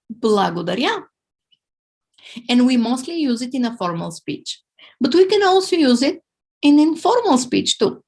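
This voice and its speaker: A woman teaching a language lesson, sounding out words slowly and carefully for learners to repeat. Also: on the high side, gravelly, slightly rough.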